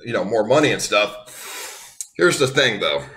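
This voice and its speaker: A man's voice: lowish voice, big pitch swings, a little slow, a bit bright. A young man streaming live, ranting to his viewers in a heated, defensive way, swearing a lot and rambling with many restarts. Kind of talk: unscripted rant to viewers.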